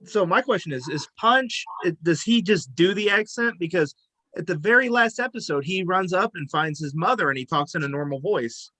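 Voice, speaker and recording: Male host, higher voice, sharp and bright, eager fan energy, dry sound. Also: lively intonation, normal speed, no echo, poor audio. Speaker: interview host. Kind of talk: casual fan interview.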